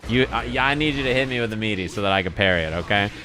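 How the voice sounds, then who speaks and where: A man's voice: on the low side, expressive, racing, background noise. A man rambling and swearing casually to his chat while playing a fighting game live. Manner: profane, rambling, exasperated. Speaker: streamer.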